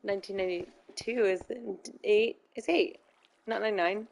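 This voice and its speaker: A woman's voice: medium pitch, steady tone, normal speed, vocal fry, darkish tone. A young woman chatting casually while playing a game, telling stories with lots of fillers and giggles. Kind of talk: casual chat while gaming.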